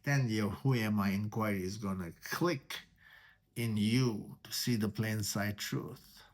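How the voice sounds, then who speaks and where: The man's voice sits lowish as he instructs listeners in meditation during a spiritual talk. He speaks with deliberation, repeating key words and posing questions for reflection.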